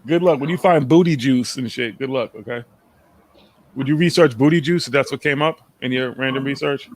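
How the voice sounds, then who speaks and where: A man's voice: mid-range voice, fairly quick, dry recording. A man with a Boston accent hosting a live stream, teasing and swearing in casual chat. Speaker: stream host.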